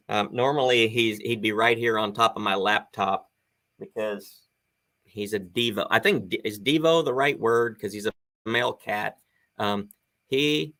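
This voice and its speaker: Gravelly, bright-voiced chatty man. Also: mid-range voice. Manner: chatty, rambling, enthusiastic. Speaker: guest on a live stream chat. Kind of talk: casual chat.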